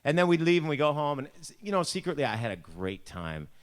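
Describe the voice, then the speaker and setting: A man's voice: a little high, big pitch swings, quick pace. Chatty man with a Buffalo accent. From Buffalo, New York. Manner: chatty, self-mocking, acts out voices in his anecdotes. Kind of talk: storytelling devotion.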